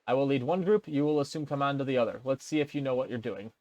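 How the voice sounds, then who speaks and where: A man voicing a friendly, portly male quartermaster in a rough attempt at an Italian accent, jovial and teasing. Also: medium pitch, fast talker, a little mellow, no room sound, highs cut off, natural voice. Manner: jovial, teasing, a little smug.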